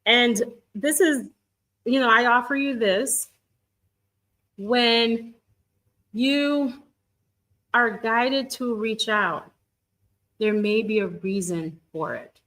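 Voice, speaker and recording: A woman's voice: a little high, drawn-out words, long pauses, low-quality recording. Encouraging woman coach live-streaming. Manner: warm, encouraging, talks straight to viewers. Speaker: twin flame guidance coach. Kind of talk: live-stream chat with viewers.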